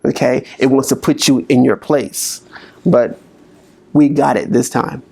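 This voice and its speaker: A man speaking as a motivational speaker, slowly coaching listeners through a guided exercise. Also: mid-range voice, fairly even intonation, creaky, darkish tone, slightly rough. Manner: slow, coaching delivery with long pauses.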